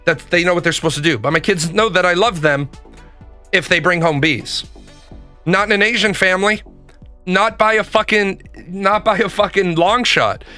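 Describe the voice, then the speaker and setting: Man, profane rant, emphatic, high voice, bright tone. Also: normal speed, soft background music. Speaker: commentator.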